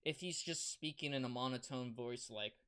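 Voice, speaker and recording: A streamer giving casual advice on a livestream, rambling and halting, with many restarts and fillers. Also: medium pitch, sharp tone, clear, resonant tone.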